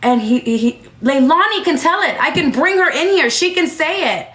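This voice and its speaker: A woman's voice: sits high, animated, moderate pace, fairly bright tone. A woman in her thirties talking heatedly on a livestream at home, emphatic and repeating herself. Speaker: livestreamer and mother. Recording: roomy echo.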